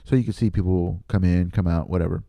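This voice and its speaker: A man's voice: deep voice, fairly even intonation, fast, gravelly, dark tone, dry recording. A man, a podcast host and comedian, telling a rambling story casually, laughing often and poking fun at himself.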